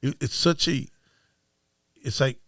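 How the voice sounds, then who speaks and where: A man hosting a podcast in casual conversation, easygoing and quick to agree. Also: medium pitch, a bit bright, no room sound, studio quality. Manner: easygoing, frequent agreeing interjections. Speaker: podcast host.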